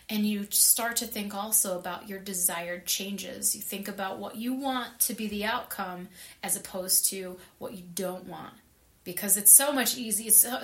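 A woman guest on a podcast, speaking earnestly and warmly with lively emphasis about well-being. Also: mid-range voice. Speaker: wellness guest. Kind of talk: casual interview chat. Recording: roomy echo.

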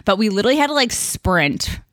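A woman's voice: medium pitch, animated, brisk, fairly bright tone, no echo, studio quality. A woman in her thirties hosting a podcast, talking through an unscripted, rambling monologue full of "like". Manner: chatty, rambling, heavy use of "like". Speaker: podcast host.

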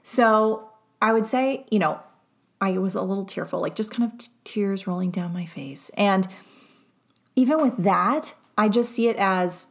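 A young adult woman hosting her own podcast recounts a personal moment in loose, casual storytelling. She circles back on her thoughts, filling pauses with little verbal fillers as she reflects, in a plain middle-pitched voice. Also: creaky. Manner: rambling, self-reflective, frequent fillers. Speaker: podcast host, nervous system coach.

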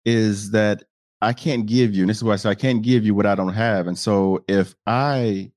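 Male host, lowish voice, reflective, dry close recording. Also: steady tone, moderate pace, darkish tone, dry recording. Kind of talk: casual chat.

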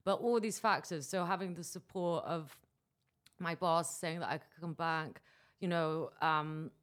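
A young woman guest in a casual interview, talking about her work and often laughing, getting animated when excited. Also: deep voice, a little slow. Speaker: guest, coding educator and YouTuber.

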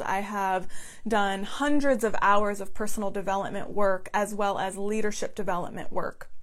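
A woman hosting a mindfulness podcast, speaking in an earnest, emphatic, motivational way and stretching words out for emphasis. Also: medium pitch. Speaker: podcast host.

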